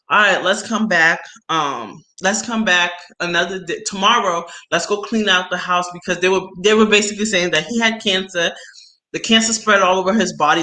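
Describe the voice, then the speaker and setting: A woman telling a personal story in casual chat, animated and laughing often, her voice jumping to loud shrieks when excited. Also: mid-range voice. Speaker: host.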